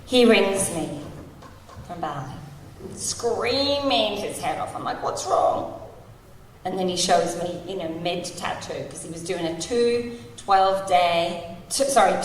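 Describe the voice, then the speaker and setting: A woman's voice: on the low side, slight background noise. A woman in her forties sharing her story at a recovery meeting, candid and wry, laughing through painful memories. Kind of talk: personal share at a recovery meeting. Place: large hall at a convention. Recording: distant, echoey hall recording.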